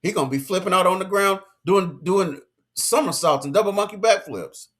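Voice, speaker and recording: A man with a fairly high voice delivering an emphatic, slangy commentary rant. He lectures his listeners and hammers each point home by repeating it. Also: moderate pace, fairly bright tone. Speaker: commentary vlogger.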